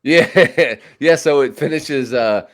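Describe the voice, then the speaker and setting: A man's voice: medium pitch, slow pace. A man hosting a podcast, chatting casually and rambling with lots of fillers and restarts. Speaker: podcast host. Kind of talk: casual chat about movies.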